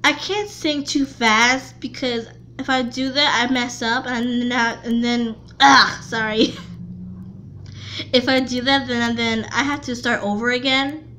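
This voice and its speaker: Halting high-voiced woman vlogger. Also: steady tone, bright, forceful tone, a little hiss or hum. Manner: halting, with frequent restarts and repeated words. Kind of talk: casual chat to camera.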